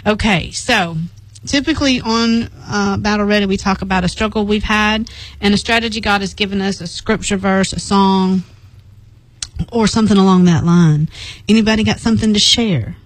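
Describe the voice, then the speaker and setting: A woman hosts a casual faith podcast, chatty and encouraging as she invites guests to share. Her voice sits at an ordinary pitch for a woman. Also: moderate pace, no room sound, poor audio. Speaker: podcast host.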